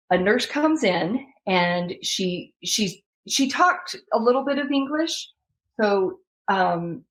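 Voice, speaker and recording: A woman's voice: on the low side, low-quality recording. A woman guest on a podcast, telling a personal story earnestly, with many fillers and restarts.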